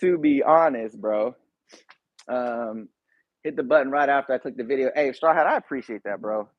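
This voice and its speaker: A man's voice: medium pitch, moderate pace, no room sound, muffled recording. Laid-back slangy man chatting. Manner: laid-back, slangy, talks straight to viewers. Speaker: YouTube reaction channel host. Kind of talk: casual livestream chat.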